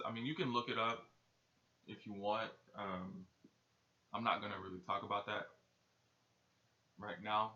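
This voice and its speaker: Dude rambling casual and sweary on his vlog, bright voice, echoey room, kinda muffled. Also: mid-range voice. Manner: loose, profane, slangy storytelling. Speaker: spiritual vlogger. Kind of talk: casual talking-head vlog. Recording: echoey room, dull lo-fi sound.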